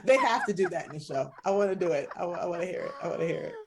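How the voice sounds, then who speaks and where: A woman's voice: lowish voice, animated, racing, a crowd in the background. A woman who is a guest on a casual book podcast and chats in a playful, jokey way. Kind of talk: casual book discussion chat.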